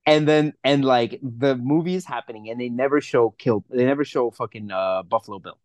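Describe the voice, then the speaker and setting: A man's voice: medium pitch, fairly quick, darkish tone, no echo. A man co-hosting a casual movie review podcast, ranting and swearing in a rambling way. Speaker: podcast co-host.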